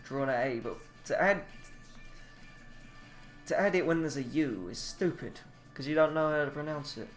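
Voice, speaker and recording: A man's voice: fairly high pitch, animated, moderate pace. Guy reading out language notes, grumbles and swears now and then, faint music behind. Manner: grumbling asides, swears casually. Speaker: self-taught language learner. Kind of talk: reading aloud from a book with personal comments.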